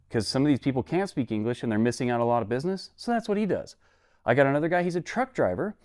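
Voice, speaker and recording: A man's voice: mid-range voice, darkish tone. A man giving a casual, motivational business lesson to camera, talking conversationally and throwing in rhetorical questions and "okay?" checks. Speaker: online business coach.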